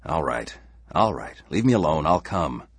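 A man's voice: extremely low pitch, expressive, normal speed, husky, dry recording, voice pushed up, heavily acted. A man voicing an anxious, stubborn settler who is driven by fear. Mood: tense.

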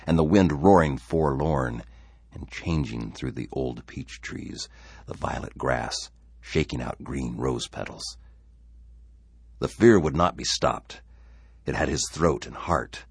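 Very deep, gravelly storyteller man. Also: no room sound, studio quality. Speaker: narrator. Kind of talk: storybook reading.

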